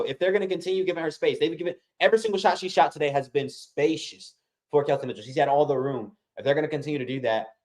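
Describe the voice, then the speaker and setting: Excitable man calling a game for viewers. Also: medium pitch. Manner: excitable, keeps addressing viewers as y'all. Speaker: watch-along host. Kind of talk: casual play-by-play commentary.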